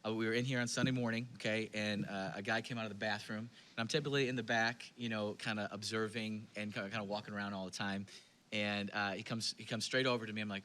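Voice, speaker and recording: A man's voice: on the low side, fairly even intonation, fast talker, pushed and bright. A man who is an executive pastor, telling a self-deprecating anecdote in casual podcast chat. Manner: self-deprecating, many fillers and restarts while telling an anecdote.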